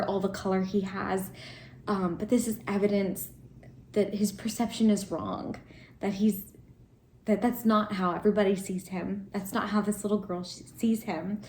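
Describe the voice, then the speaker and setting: A book vlogger chats casually at home about the book she's reading, rambling with ums and laughter. Her voice is medium-pitched and a little mellow, and the echoey room picks up faint noise from her cats and the running laundry.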